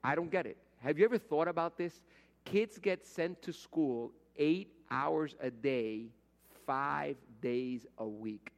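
A man's voice: a little high, measured pace, vocal fry. A middle-aged man preaching a conversational sermon as pastor, telling everyday stories and acting out the voices he quotes. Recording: long hall reverb.

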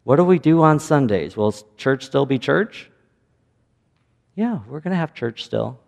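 A man's voice: mid-range voice, animated, unhurried, gravelly, a little mellow. A man with a Midwestern American accent, a pastor giving a playful children's sermon and asking the children questions. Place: church sanctuary. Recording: echoey church hall.

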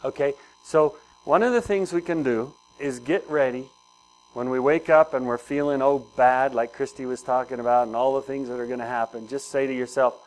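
A man's voice: medium pitch, normal speed, low-quality recording. A man preaching a sermon in a conversational way, asking the congregation questions and repeating key phrases. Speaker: pastor.

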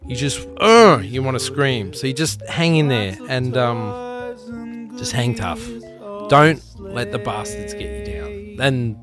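A man's voice: mid-range voice, big pitch swings, slow, over music. A man hosting a podcast, giving a rambling, profane, earnest pep talk and telling a story. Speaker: podcast host. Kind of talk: casual pep talk and anecdote.

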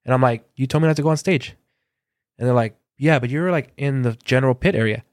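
A man from Southern California, a concert photographer, telling lively anecdotes in a casual interview and acting out quoted dialogue, with a lot of filler words. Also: medium pitch, fast talker, no room sound, studio quality.

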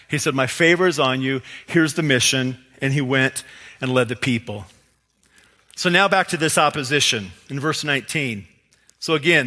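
Bright-voiced male pastor preaching in a hall. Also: a little high. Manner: energetic preaching with acted quotes and rhetorical questions. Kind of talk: sermon. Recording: long hall reverb.

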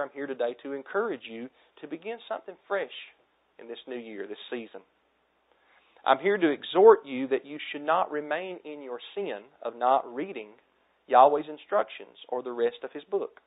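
A man in his thirties delivers a sermon in an earnest, exhorting voice. He leans into the pleas and then lets key lines fall quiet. His voice is of middling pitch, and the recording is narrow and tinny like a phone line. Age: 30s. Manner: earnest, exhorting preacher, drops to soft tones for emphasis. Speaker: pastor.

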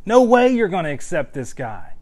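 A man's voice: high voice, sing-song, normal speed, darkish tone. A man voicing a scornful male devil who accuses someone, inside a sermon.

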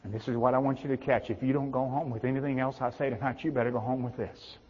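A middle-aged male pastor preaching a sermon, swinging between loud emphatic peaks and hushed low tones. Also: fairly even intonation, fast, husky. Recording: dull reverberant hall sound.

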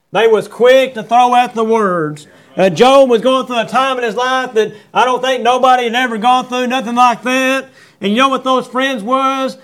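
A middle-aged man preaching a sermon, quoting scripture and repeating refrains, with folksy phrasing and many halting fillers. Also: extremely high pitch, a bit bright. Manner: preaching with Bible verse references and repeated refrains. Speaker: pastor.

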